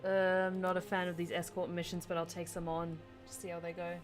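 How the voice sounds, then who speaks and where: A woman streaming a game, chatting casually and excitably with her viewers and muttering as she sorts through items. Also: on the low side, brisk, music in the background. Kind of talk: casual let's-play commentary.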